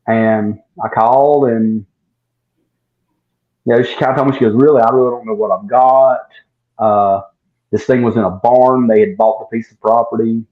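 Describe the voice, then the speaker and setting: Man, casual storytelling, rambling asides, muffled lo-fi audio. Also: medium pitch. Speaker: guest distiller. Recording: dull lo-fi sound.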